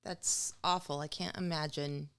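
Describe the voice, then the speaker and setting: A woman co-hosting a casual comedy podcast, playful and emotional, quick to apologize. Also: low voice, fairly even intonation, a bit bright, clean tone. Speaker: podcast co-host.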